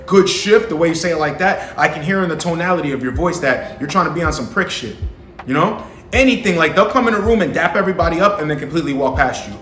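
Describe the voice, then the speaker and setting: A man's voice: high voice, expressive, a little fast, fairly bright tone, slight background noise. A young man talking casually to camera about dating, slangy and profane, often asking the listener if they understand. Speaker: vlogger giving dating advice to men. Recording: echoey room with faint music.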